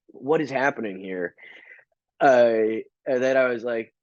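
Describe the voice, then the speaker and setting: A man's voice: mid-range voice, a little slow, no room sound, muffled recording. A man hosting a comedy podcast, telling stories casually with rambling, stammering restarts and swearing.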